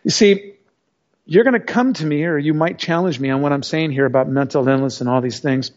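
A man's voice: on the high side, a little fast. A middle-aged man preaching a sermon, speaking emphatically and telling stories straight to the congregation. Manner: emphatic, storytelling, addresses the congregation directly. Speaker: pastor. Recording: dull lo-fi recording.

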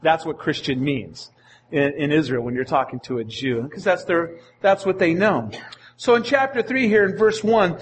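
Man, pastor, sermon, high voice, earnest, repeats himself. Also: moderate pace, a little hiss or hum. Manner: earnest, repeats phrases while preaching.

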